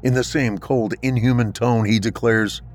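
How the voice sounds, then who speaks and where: A man narrating a scripted story in a dramatic, expressive reading. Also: mid-range voice, moderate pace, faint music behind.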